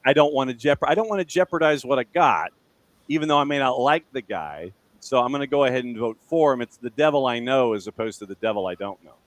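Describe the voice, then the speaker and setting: A man hosting a soccer show, talking in a relaxed, measured casual chat. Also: mid-range voice, no echo.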